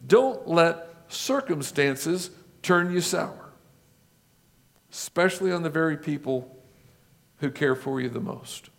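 A man's voice: fairly high pitch, lively intonation, creaky. A male pastor preaching a sermon, building his points with lists and rhetorical questions. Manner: rhetorical questions, measured listing.

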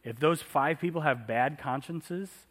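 A man's voice: fairly high pitch, measured pace, a bit bright. Man preaching a conversational sermon. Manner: conversational, asks the congregation questions. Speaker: pastor.

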